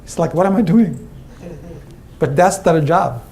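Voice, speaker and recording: A man's voice: a little high, moderate pace, creaky, a little mellow. A middle-aged man with an Indian English accent gives a humorous conference talk, wry and punchy, often acting out the voices of the people he quotes. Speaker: speaker, former CEO.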